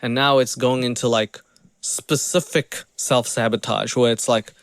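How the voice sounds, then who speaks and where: A man's voice: mid-range voice, measured pace, clear, resonant tone, no echo. Mocking male streamer, dry close mic. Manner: mocking, animated, swearing. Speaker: streamer reacting to a video. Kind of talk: casual reaction commentary.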